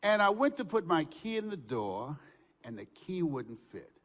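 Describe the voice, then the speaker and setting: An older man giving a motivational speech, telling stories with shouts and laughter. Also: fairly high pitch, moderate pace. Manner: animated storytelling with shouts and laughs. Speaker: motivational speaker. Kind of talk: motivational speech to a live audience. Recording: hall reverb.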